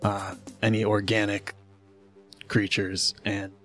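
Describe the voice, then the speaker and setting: A steady defense force agent in a tabletop game, voiced by a man. He keeps his low voice hushed and calm, coaxing and reassuring as he gives quiet orders. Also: slow, soft background music. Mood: urgent.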